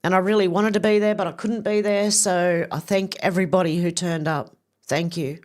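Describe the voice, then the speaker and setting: A woman's voice: fairly low pitch, steady tone, moderate pace, darkish tone. A woman, giving casual, opinionated commentary with rambling asides. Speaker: video commentator. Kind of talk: casual commentary reading out social posts.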